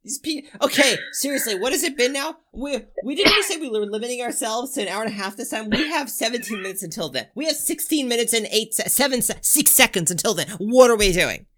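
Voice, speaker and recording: A young woman co-hosting a casual podcast chat, loud and rambling, breaking into laughter and silly voices. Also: a little high, animated, fast talker, few pauses. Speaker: podcast co-host.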